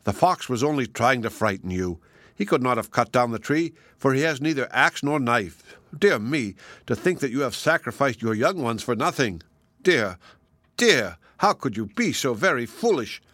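A man's voice: medium pitch, expressive, normal speed, a bit bright, no echo. A man voicing a blunt, exasperated crow who scolds. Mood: scolding.

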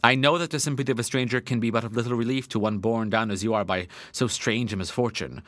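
A man voicing a kindly older male magistrate who speaks in a formal, measured, sympathetic way. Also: medium pitch, steady tone, a bit bright, dry recording, clean studio sound, natural voice. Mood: solemn sympathy.

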